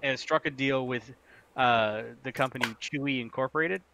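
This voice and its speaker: A man's voice: mid-range voice, normal speed, background noise. A man co-hosting a casual stream, rambling through game news with lots of fillers and casual swearing. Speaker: stream co-host.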